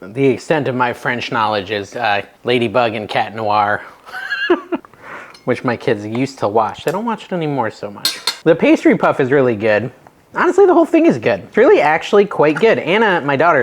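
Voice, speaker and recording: In his home kitchen, a middle-aged man with a mid-range voice hosts a casual cooking vlog. He's chatty and nervous, pokes fun at himself, and lets out sudden excited yelps.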